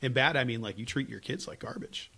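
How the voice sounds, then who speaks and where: A man co-hosting a podcast, telling stories in casual chat with lots of laughs and lively swings. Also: medium pitch, fairly quick, creaky, slightly rough. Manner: animated, laughing storyteller. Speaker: podcast co-host.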